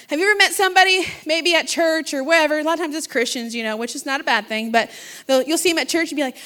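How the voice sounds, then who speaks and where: A woman's voice: high voice, fast talker, sharp tone. A middle-aged woman preaching a sermon with passion, talking to the congregation in a casual back-and-forth way. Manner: passionate, conversational preaching with call-outs to the congregation. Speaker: pastor's wife preaching.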